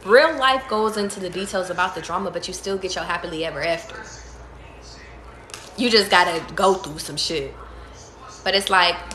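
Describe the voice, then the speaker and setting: Emphatic, bright-voiced woman reading tarot. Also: medium pitch, echoey room, slight background noise. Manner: emphatic, profane, repetitive, restarts. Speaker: tarot reader. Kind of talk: casual tarot reading addressed to viewers.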